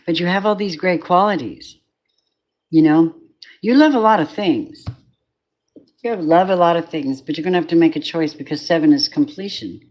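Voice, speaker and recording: A woman's voice: deep voice, darkish tone. A woman giving a collective tarot reading in a rambling, candid way, swearing often and drifting into spiritual asides. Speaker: tarot reader.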